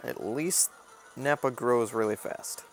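A man's voice: mid-range voice, slow. A man casually commenting on his own gameplay as a Let's Play host, offhand and mildly grumbling.

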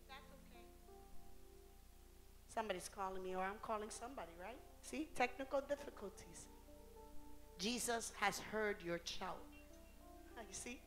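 In a church, a woman preacher with a medium-pitched, slightly bright voice delivers a bilingual sermon, alternating Spanish and English phrase by phrase. Her intensity rises and falls, and she draws out key words.

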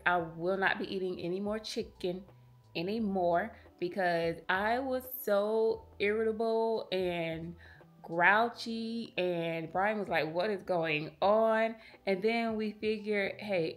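A woman in her thirties talking casually to her viewers while out on a morning walk, candid and chatty, a little out of breath. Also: medium pitch. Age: 30s. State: slightly out of breath from walking. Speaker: vlogger. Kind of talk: casual chat to camera while walking.

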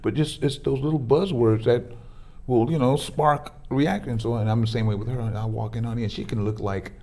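A man, a pastor hosting a faith talk show, who starts haltingly and repeats words, then tells stories with lively energy. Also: mid-range voice. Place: community TV studio.

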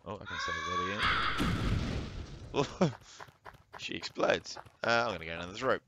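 A deep-voiced man gives casual let's-play commentary, reading game text aloud and exclaiming as he plays, animated at a moderate pace. The lo-fi recording has background noise, with game music playing behind him.

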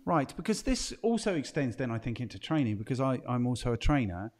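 A male podcast host with a mid-range voice who talks in a chatty, musing way. He thinks aloud and asks his guest questions in a relaxed conversation. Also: mid-range voice, brisk. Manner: chatty, musing, asks guests questions, frequent "do you know what I mean".

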